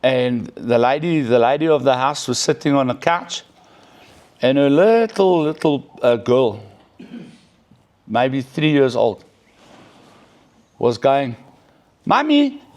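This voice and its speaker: A middle-aged man telling a personal story in a casual, animated way, often checking in with "right?". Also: medium pitch, slow, pauses often. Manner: animated, peppers speech with "right?". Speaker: recovering addict sharing his story.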